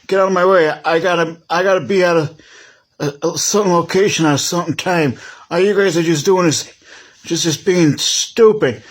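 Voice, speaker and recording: A man voicing a brash, pushy male toy train that demands everyone get out of its way, in a gruff, lowered voice. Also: moderate pace, close to an everyday voice. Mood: impatient.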